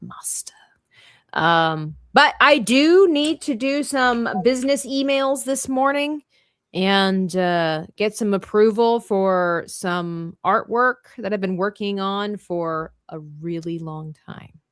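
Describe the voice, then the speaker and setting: A woman's voice: medium pitch, slow, clear, resonant tone, dry recording, studio quality. A woman hosting a live drawing stream, chatting playfully and thinking aloud as she works. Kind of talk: casual chat while drawing.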